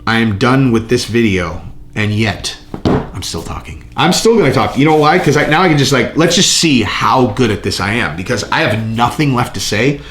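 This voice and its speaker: A man hosting his own channel, riffing casually and profanely on fight news in a rambling, excitable way. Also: mid-range voice, normal speed, reverberant, noisy background. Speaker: channel host. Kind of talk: casual fight commentary vlog.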